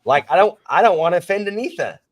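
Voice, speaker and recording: A man hosting a casual book discussion, talking in an animated, rambling way with frequent restarts. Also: sits high, fast. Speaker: podcast host and teacher.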